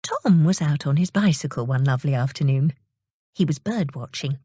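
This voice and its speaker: A woman reading children's stories aloud in a slow, expressive storytelling manner. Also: low voice, background noise. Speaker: audiobook reader.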